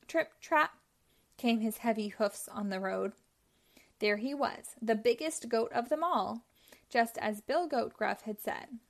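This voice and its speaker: A woman with a fairly high, gravelly voice reads a children's picture book aloud, telling the story expressively.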